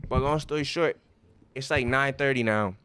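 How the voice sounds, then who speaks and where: A man, co-hosting a podcast and telling profane, animated work stories full of slang. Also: mid-range voice, normal speed, clean tone, no room sound. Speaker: podcast co-host. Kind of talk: casual chat, storytelling.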